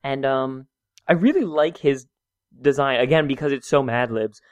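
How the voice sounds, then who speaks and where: A man's voice: medium pitch, normal speed, no echo, muffled recording. A man co-hosting a casual chat podcast, joking, rambling and laughing often. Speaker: podcast co-host.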